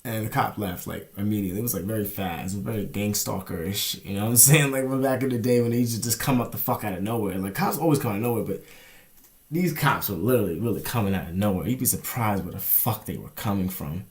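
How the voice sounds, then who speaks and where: A young male vlogger with a lowish voice tells a rambling, profane story at a quick pace in a casual vlog, frequently asking "you know what I'm saying."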